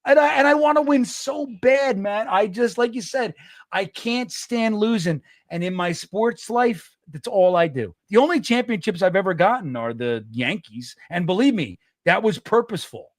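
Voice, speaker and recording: A middle-aged man, co-hosting a casual sports podcast, animated and swearing, acting out quotes in a raised voice. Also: sits high, normal speed, no room sound, clean studio sound. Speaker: co-host.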